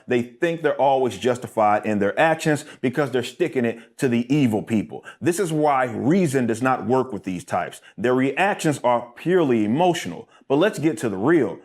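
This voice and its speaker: A man narrating a scripted commentary in a critical, measured way. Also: medium pitch, darkish tone.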